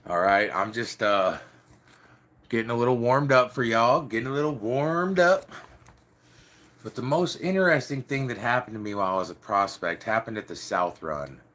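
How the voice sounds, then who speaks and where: A man's voice: mid-range voice, moderate pace, a bit bright. A young man telling stories casually to camera in a loose, slangy, swearing way, acting out the quotes.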